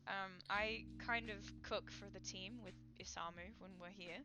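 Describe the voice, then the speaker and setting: A woman voicing a polite, flustered young female cook who speaks softly and haltingly. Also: medium pitch, fairly even intonation, pitched below the performer's own voice, close to an everyday voice. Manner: soft, apologetic, halting.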